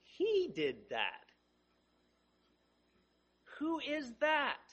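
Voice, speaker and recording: A man's voice: very high-pitched, wildly swooping pitch, extremely slow, a bit bright. A man preaching a sermon, emphatic, driving points home by repeating phrases.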